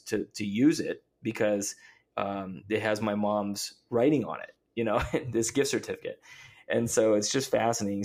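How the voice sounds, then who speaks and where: Gravelly low-voiced man telling family stories. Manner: rambling, warm storytelling with many fillers. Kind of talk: casual chat.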